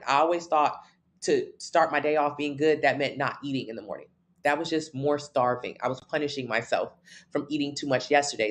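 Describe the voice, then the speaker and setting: A blunt woman coach talking straight to her viewers on a live stream. She leans on repetition to hammer points home, loose and slangy, close to the mic. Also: low voice. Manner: blunt, emphatic, repeats key points; casual slang-heavy talk. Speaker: fitness coach.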